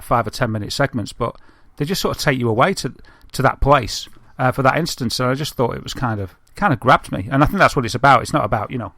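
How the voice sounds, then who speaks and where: A man with a Northern English accent chats casually on a podcast, drifting through long anecdotes full of fillers and restarts. His voice sits at a medium pitch and sounds dry, with no room echo. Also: fairly bright tone. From Northern England. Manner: chatty, rambling storyteller with many fillers. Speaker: podcast co-host. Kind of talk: casual chat.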